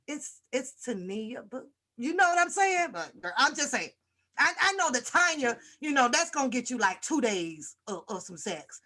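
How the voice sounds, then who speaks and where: A woman's voice: sits high, very animated, normal speed, pushed and bright. A woman hosting a casual livestream, greeting viewers one by one and joking in a brash, profane way. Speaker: livestream host.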